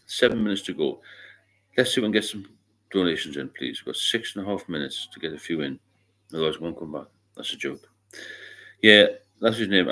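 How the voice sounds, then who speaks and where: Middle-aged english bloke on a livestream, really low voice, blunt and sweary, rambles on. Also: male voice, fairly bright tone. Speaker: livestream host. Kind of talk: casual livestream chat.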